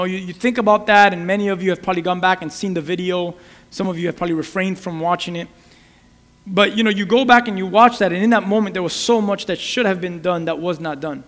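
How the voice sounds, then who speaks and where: A man's voice: high-pitched, long reverb tail. A man preaching an earnest sermon, often repeating and restarting his words. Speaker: pastor.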